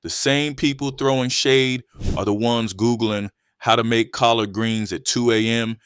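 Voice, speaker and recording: A man's voice: mid-range voice, fairly even intonation, measured pace, fairly bright tone, clear, resonant tone. A man reading scripted commentary narration in a punchy, declarative way.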